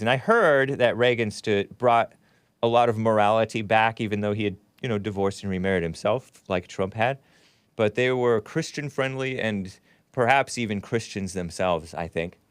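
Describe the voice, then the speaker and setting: A man's voice: lowish voice, moderate pace, smooth, no echo. A man hosting a solo commentary show, rambling and opinionated as he reads out articles and viewer comments. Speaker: host.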